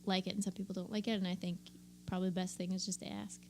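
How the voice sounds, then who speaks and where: A woman's voice: fairly low pitch, level tone, very fast, creaky, a little mellow, slight background noise. A young adult woman, a comedian, chatting casually on a podcast, laughing often and swearing offhand. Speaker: comedian guest.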